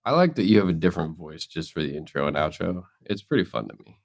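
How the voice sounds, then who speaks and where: A podcast co-host with a deep voice talks fast, with big pitch swings and vocal fry. Still recovering from being sick, he tells rambling stories in a casual chat, laughing often and using plenty of fillers.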